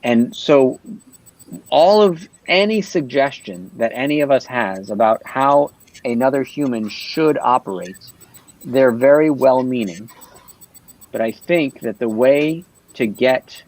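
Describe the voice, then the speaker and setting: A man's voice: medium pitch, low-quality recording. A man talking earnestly on a livestream panel, explaining his ideas and often checking in with "right?".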